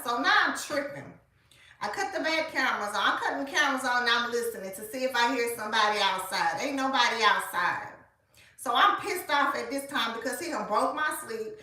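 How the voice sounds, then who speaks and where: A woman, telling a story in a casual, animated way and speaking straight to her listeners. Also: fairly high pitch, brisk, far from the mic. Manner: animated, colloquial, addresses listeners as y'all. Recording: echoey room, voice off-mic.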